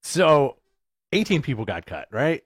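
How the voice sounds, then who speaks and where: A man co-hosts a casual wrestling podcast in a playful, teasing way and laughs easily. His pitch swings widely as he talks, and the sound is dry and close, with no room echo. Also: sing-song, measured pace, breathy edge. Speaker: podcast co-host.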